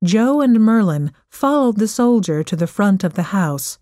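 A woman narrating an audiobook story in a clear, measured voice. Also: medium pitch, animated, mellow, dry recording, studio quality.

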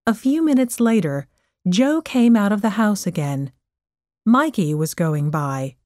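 A woman narrating a storybook chapter in a careful, expressive reading voice. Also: medium pitch, measured pace, no echo, clean studio sound.

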